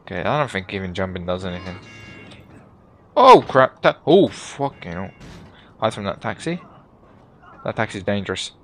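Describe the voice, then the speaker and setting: A man's voice: sits low, sing-song, normal speed, pauses often, a bit bright, a little hiss or hum. A young man giving casual, joking gameplay commentary as he plays, swearing and laughing at himself. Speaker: gaming YouTuber.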